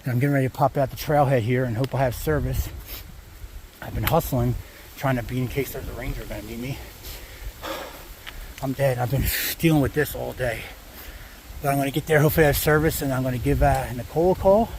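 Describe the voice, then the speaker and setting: Brief: male hiker vlogger, mid pitch, rambling and chatty, faint outdoor noise behind. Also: a little fast, darkish tone. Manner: rambling, chatty, many fillers. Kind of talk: casual trail vlog. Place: outdoors on a hiking trail.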